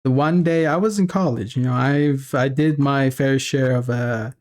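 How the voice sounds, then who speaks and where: A man's voice: medium pitch, normal speed, darkish tone. A man chatting casually on a live stream while working, rambling through stories and laughing often. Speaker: streamer and 3D artist.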